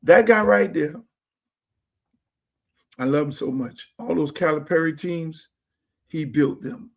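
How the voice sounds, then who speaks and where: A man's voice: fairly high pitch, lively intonation, slow pace, gravelly. A man hosting his own streamed show, ranting to viewers in a blunt, profane, slangy way. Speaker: show host. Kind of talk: casual livestream rant to viewers. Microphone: streaming setup mic.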